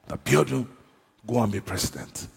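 A man preaching a sermon at a church service. His delivery swings between shouted calls and low, drawn-out phrases. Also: creaky, breathy edge. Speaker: pastor. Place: church service with a seated congregation. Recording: long echo of a large hall.

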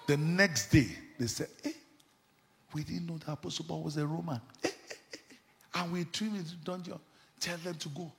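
A man preaching a sermon with fervor, swinging between sudden shouts and hushed asides. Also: on the high side, expressive, brisk, creaky, long reverb tail, noisy background. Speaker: pastor. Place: church.

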